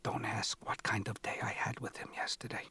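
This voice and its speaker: A man's voice: medium pitch, moderate pace, breathy edge. A man whispering as a guilt-tripping mother. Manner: hushed, wheedling whisper. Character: anxious nagging Jewish mother, middle-aged, guilt-tripping. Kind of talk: audiobook narration.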